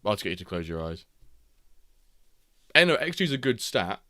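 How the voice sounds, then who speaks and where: Guy on a watchalong stream, deep voice, rambly and excitable. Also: brisk, no room sound, studio quality. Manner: rambling, excitable reactions to match action. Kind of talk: casual live-stream chat.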